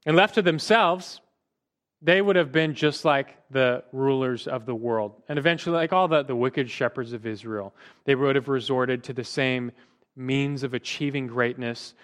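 A man's voice: mid-range voice, moderate pace, a bit bright. A man teaching a Bible lesson to a class, earnest, asking questions and often repeating words as he goes.

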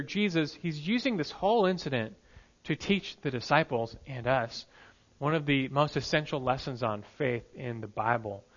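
A male pastor preaching a sermon, emphatic, moving between hushed lines and loud peaks. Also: on the high side, dull audio.

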